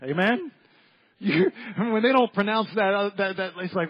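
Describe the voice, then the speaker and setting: Speaking at a moderate pace with an animated, high-sitting voice, a man preaches an evening sermon as pastor of a church, heard in the sanctuary. He is folksy and repetitive and often imitates the people in his anecdotes. The recording lacks high frequencies.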